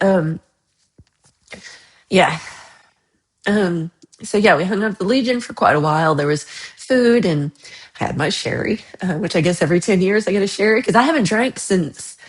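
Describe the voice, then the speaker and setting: A woman hosting a livestream chat, casually rambling about her week with frequent laughs, sounding a little under the weather. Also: medium pitch. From United States. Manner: chatty, rambling, laughs often. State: slightly unwell after a bad night. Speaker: livestream host. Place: home.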